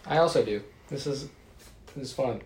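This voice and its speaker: A brash young man co-hosting a loose podcast, teasing his guests and swearing freely. His voice sits at an ordinary middle pitch. The room around him is audibly echoey. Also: moderate pace, darkish tone, a little hiss or hum. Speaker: podcast co-host. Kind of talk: casual chat.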